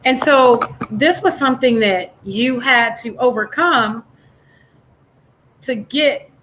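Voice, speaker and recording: A woman hosting a casual interview, affirming her guest and pausing to search for her words. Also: on the high side, fairly bright tone, slight background noise, rough recording. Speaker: talk show host.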